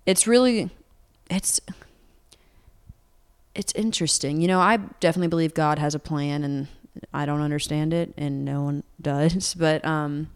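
A woman's voice: sits low, moderate pace, smooth. A woman in her twenties, a singer-songwriter from Atlanta, chatting casually in an interview, rambling with lots of fillers. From Atlanta, United States. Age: 20s.

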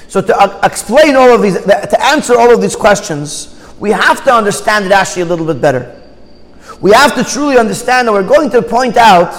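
A man's voice: sits high, in a large hall, low-quality recording. A man teaching a Torah class, reading out Hebrew phrases and explaining each one in English. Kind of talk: text study class, reading Hebrew then translating.

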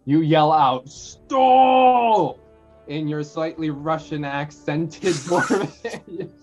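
A man narrating as game master of a tabletop game over a call, relaxed and laughing, throwing in sound effects. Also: on the high side, takes it slowly, soft background music.

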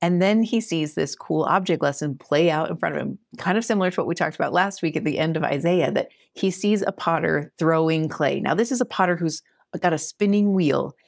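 A woman's voice: sits low, fairly quick, gravelly, dry recording. Earnest woman teaching scripture, dry sound. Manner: earnest and animated, laughs often, acts out quotes. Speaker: podcast host teaching scripture. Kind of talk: casual scripture study talk.

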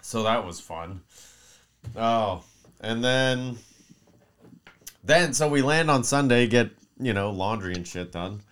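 A man in his thirties, a podcast co-host, telling a long story in casual chat, animated and profane, acting out quotes. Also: medium pitch, slow pace, long pauses. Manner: mimics voices in quotes.

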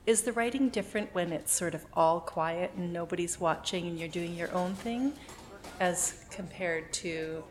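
A woman hosting a podcast interview, encouraging and supportive with quick asides. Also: on the low side, a little hiss or hum. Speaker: podcast host. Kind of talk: casual interview chat.

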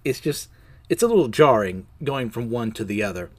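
A man's voice: mid-range voice, expressive, moderate pace. A man chatting loosely through his thoughts on a comic, full of restarts and filler words. He laughs at his own slips and keeps things casual and unscripted, in an ordinary mid-range voice. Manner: rambling, laughs at himself, many fillers. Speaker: host of a comics review show. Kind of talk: casual review chat, recounting a comic.

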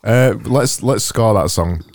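A man's voice: lowish voice, slow, a little mellow, no room sound. A man with a Northern English accent co-hosting a podcast, teasing his friends in dry, casual banter. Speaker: podcast co-host.

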